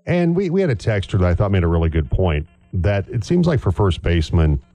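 Mellow-voiced man radio host. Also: deep voice, sing-song, fairly quick, no room sound, soft background music. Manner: easygoing, with frequent fillers. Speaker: radio talk show host. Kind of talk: casual sports radio chat. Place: radio studio. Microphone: studio microphone.

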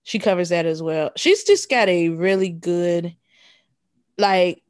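A woman's voice: fairly low pitch, takes it slowly, darkish tone, no room sound, clean studio sound. A woman from the American South co-hosting a casual podcast, emphatic and playfully scolding. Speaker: podcast co-host. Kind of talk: casual chat.

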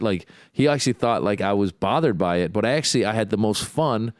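A man co-hosting a casual chat, relaxed and easygoing as he tells stories. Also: fairly low pitch, fast, no room sound, clean studio sound. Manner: relaxed, chatty, laughs easily.

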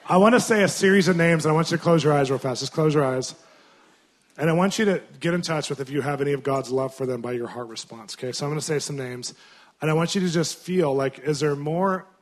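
A man preaching a conversational sermon to a conference crowd, telling stories and acting out the people he quotes. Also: medium pitch. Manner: storytelling, acts out quoted voices, rising to loud bursts; conversational with fillers.

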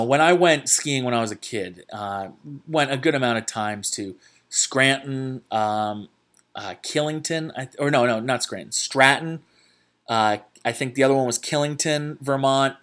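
A man's voice: mid-range voice, a bit bright. A young man hosting a podcast, telling a story casually with swearing, self-mockery and lots of restarts. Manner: rambling, profane, self-mocking, many restarts. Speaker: podcast host.

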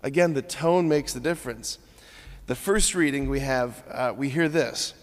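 A man's voice: medium pitch, moderate pace, in a large hall. A man, a Catholic priest, giving a conversational homily at mass, informal and often checking in with "right?". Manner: acts out scripture lines in different tones. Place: church.

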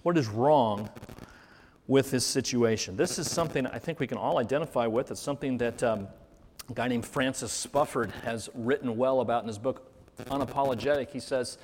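A man's voice: mid-range voice, a little fast. Man preaching a sermon in a hall. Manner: earnest, reflective, with rhetorical questions. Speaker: pastor. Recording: reverberant hall, faint noise.

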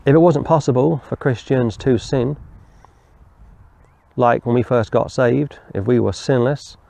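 A man preaching a verse-by-verse sermon, explaining scripture deliberately and wandering into stories. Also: mid-range voice, gravelly, mellow. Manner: deliberate, explanatory, digresses into storytelling. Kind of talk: verse-by-verse Bible teaching.

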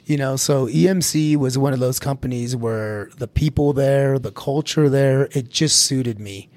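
A middle-aged man from Colorado recounts his career in a relaxed interview. He talks in a lively, easygoing way, laughs often and repeats a word or two as he gets going. His voice sits at an ordinary pitch. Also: unhurried, no echo. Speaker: guest, security executive. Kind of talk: casual career storytelling.

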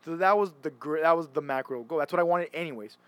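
Young man, casual chat, rambling, frequent restarts, slightly high voice. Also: fast talker, no echo. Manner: rambling, restarts often, retells stories with quoted voices.

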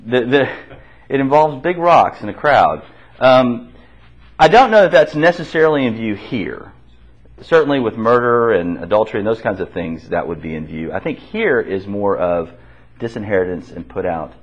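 A man's voice: fairly low pitch, animated, normal speed. A man teaching an interactive Bible class. He poses questions to the group and repeats their answers back to them. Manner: conversational, with restarts. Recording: dull lo-fi classroom recording.

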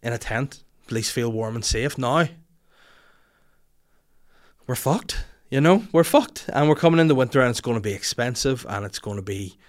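A man with a Northern Irish accent delivering a sweary, exasperated comedic rant as a podcast host, breaking into shouty outbursts. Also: mid-range voice, fast talker.

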